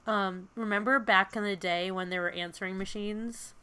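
Bright-voiced chatty woman podcaster. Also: mid-range voice, moderate pace, smooth. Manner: animated storyteller, chatty with fillers. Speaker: podcast co-host. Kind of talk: casual chat.

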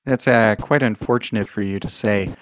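A man voicing a male polar bear boss who calmly threatens to collect a debt. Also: lowish voice, moderate pace, no echo, lightly acted. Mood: menacing.

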